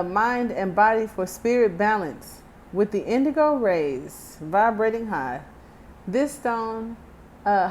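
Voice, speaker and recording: A woman's voice: medium pitch, darkish tone, a little hiss or hum. Chatty Texan woman reading tarot cards. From Texas. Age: 30s. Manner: chatty, joking asides, reads card text aloud. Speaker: tarot reader. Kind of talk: casual tarot card reading.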